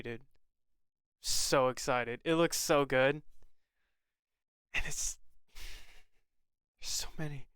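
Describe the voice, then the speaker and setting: Bright upbeat young man streaming. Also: a little high, smooth, no room sound. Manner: rambling, upbeat, talks to chat while setting up. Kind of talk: casual livestream chat.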